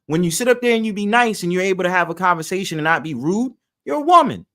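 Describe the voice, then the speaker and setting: A man's voice: high-pitched, very animated, fast, pushed and bright. A man hosting a livestream, talking in a blunt, opinionated way and swearing freely. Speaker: livestream host. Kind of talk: casual livestream talk.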